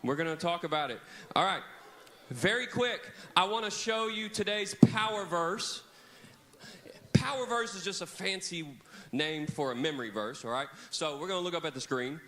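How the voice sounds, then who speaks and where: Man, kids' camp preacher, animated call-and-response, fairly high voice, handheld mic in a church hall. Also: normal speed. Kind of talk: children's sermon. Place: large church hall with children. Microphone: handheld microphone.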